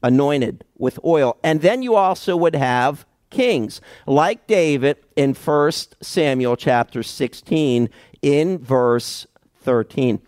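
A male pastor delivers a sermon in an unhurried, deliberate cadence. His voice sits a little high for a man. The sound is dry and close, and he stresses each key word with measured pauses. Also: lively intonation, darkish tone, no echo. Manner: slow, emphatic Bible exposition with dramatic pauses.

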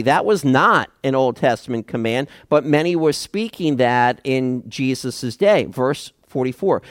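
A man preaching an expository sermon in a deliberate, emphatic way, often reading verses aloud as he explains them. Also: medium pitch, expressive, dry recording, clean studio sound. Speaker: pastor.

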